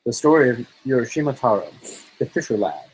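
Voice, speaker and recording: A man reading fairy tales aloud in a laid-back way and sometimes tripping over a word. His voice is husky and sits at a mid pitch. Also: fast, rough recording. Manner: relaxed, stumbles and jokes between lines. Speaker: storybook reader.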